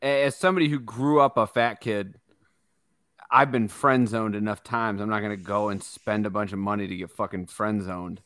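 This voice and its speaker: A man with a smooth, clear voice at a middle pitch trades a wry, self-mocking story in relaxed conversation. The sound is close and dry. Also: moderate pace, no room sound. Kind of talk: casual chat.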